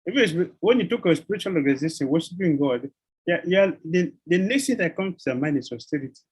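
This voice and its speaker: Husky man giving a devotional sermon. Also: fairly high pitch, lively intonation, a little fast, low-quality recording. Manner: repeats phrases, chuckles, uses devotional terms. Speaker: swami giving a scripture lecture.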